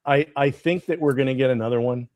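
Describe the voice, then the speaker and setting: A man's voice: medium pitch, fast talker, darkish tone, dry recording. A man co-hosting a casual chat, hesitant and rambling, with frequent ums and restarts.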